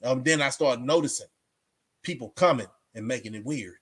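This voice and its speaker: A man's voice: medium pitch, normal speed, a bit bright, husky. A man hosting a livestream, talking to viewers in a casual, rambling monologue full of streetwise slang and restarts. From Texas. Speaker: livestream host.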